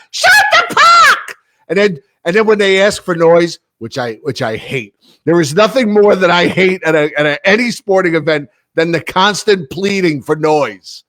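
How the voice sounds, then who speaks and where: A man's voice: a little high, a bit bright, no room sound. A man co-hosting a casual sports podcast, ranting animatedly and swearing freely. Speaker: podcast co-host. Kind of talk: casual chat.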